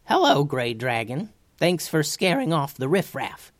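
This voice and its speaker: A brisk, practical woman in a storybook, voiced high and bright above the reader's own tone, as a man puts her on. She answers quickly and matter-of-factly, with lively ups and downs, recorded close and dry. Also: no echo. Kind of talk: storybook reading.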